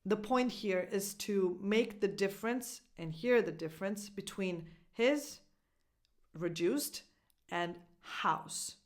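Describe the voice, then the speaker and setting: A woman whose first language is Italian coaches English pronunciation at an unhurried pace. She speaks in a mid-range voice and models short phrases slowly and clearly for the listener to repeat. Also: medium pitch. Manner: clear, deliberate demonstrations with repeat-after-me drills. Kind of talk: pronunciation lesson.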